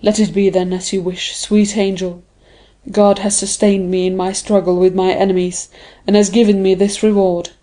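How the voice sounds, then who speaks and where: A woman reading an audiobook, voicing a grave, brooding nobleman in a low, measured tone. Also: flat delivery, mellow, lightly acted. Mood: solemn.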